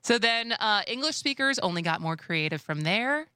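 A chatty woman with a Wisconsin accent co-hosts a radio talk show, loose and playful, laughing easily. Her voice is bright and forward. The studio sound is dry and close. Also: medium pitch, expressive, normal speed, smooth, no room sound. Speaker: radio co-host. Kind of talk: casual radio chat.

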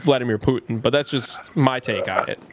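A man hosting a call-in talk radio show, chatty, taking calls and riffing with quick asides. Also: mid-range voice, slight background noise.

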